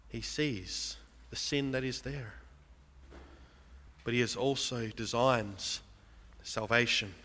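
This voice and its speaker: A man's voice: mid-range voice, bright, forceful tone, long reverb tail. A man preaching a sermon in an earnest style, calling his listeners beloved and brothers and sisters. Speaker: pastor.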